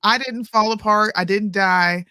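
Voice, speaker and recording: A woman's voice: medium pitch, measured pace, pushed and bright, smooth, no room sound, clean studio sound. A woman in her thirties co-hosting a casual chat show, talking emphatically and calling people "bro". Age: 30s. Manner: emphatic, says "bro" a lot. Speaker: podcast co-host.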